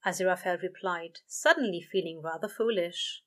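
A woman reading a story aloud, narrating in a gentle, even way. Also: medium pitch, normal speed. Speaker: reader. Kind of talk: reading fan fiction aloud.

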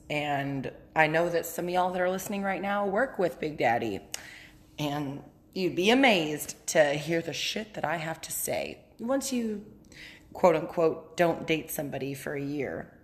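A woman with a twang talks into her phone for a casual solo podcast. Her voice sits a little low, and she rambles candidly and profanely, often breaking into laughter. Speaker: podcast host. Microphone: phone app.

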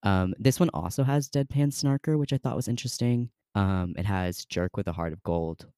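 Low-voiced young man rambling on a podcast. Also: normal speed, mellow, clean tone, no room sound, clean studio sound. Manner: chatty, rambling, many fillers. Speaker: podcast host. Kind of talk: casual podcast chat.

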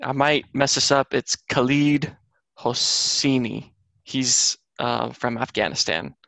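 A man's voice: medium pitch, slow, creaky, bright, forceful tone, no room sound. A man co-hosting a podcast, talking casually and rambling a little about books, with plenty of fillers. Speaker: podcast co-host. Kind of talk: casual chat.

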